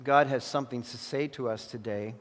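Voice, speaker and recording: A man preaching a sermon as pastor, crying out in anguished prayer and then teaching calmly. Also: medium pitch, a little fast. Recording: long hall reverb.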